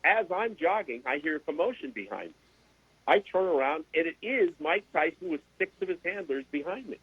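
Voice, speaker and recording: Older man, husky voice, animated storyteller, phone-like dry audio. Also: a little high, brisk. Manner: animated anecdote telling with repeated words. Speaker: guest sports broadcaster. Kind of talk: casual interview storytelling. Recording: dry, tinny phone-like sound.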